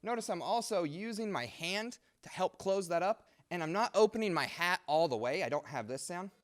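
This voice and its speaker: High-voiced man teaching drum set. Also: animated, moderate pace. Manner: clear, patient explaining with sung drum patterns. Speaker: music professor. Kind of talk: instructional video lesson.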